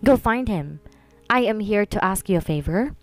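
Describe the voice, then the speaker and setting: A woman's voice: medium pitch, lively intonation, normal speed, no echo, soft background music, lightly acted. Woman reading a poised, proud young rival. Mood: cool.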